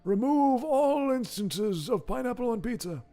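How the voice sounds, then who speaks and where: A man putting on the voice of a frail old man, slow and solemn, like a grand deity giving orders. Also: very high-pitched, lively intonation, mellow, soft background music, voice pushed up, heavily acted.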